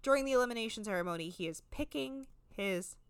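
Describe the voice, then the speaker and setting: A woman with a high-leaning, animated, smooth voice talks quickly as a co-host on a podcast recapping a reality show. She's frank, crude, and chatty, with plenty of filler words, on a dry recording.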